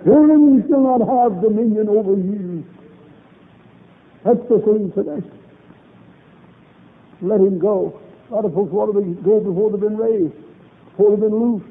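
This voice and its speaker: A man's voice: high voice, unhurried, long pauses. A man preaching a revival sermon, fervent and emphatic, repeating lines for emphasis. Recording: tinny old lo-fi recording.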